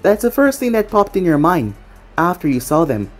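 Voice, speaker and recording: A woman's voice: fairly low pitch, big pitch swings, normal speed, soft background music. A woman voicing an amused old man who speaks in a knowing, teasing way.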